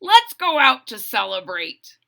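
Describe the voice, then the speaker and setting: A cheerful, busy frog father from a storybook, calling out brightly. A woman reads him in a high, lively voice. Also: measured pace, creaky, full character voice. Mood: upbeat.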